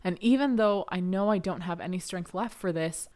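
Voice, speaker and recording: A young woman hosting a podcast, telling a personal story in an earnest, reflective way with soft laughs. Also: on the low side, moderate pace. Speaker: podcast host.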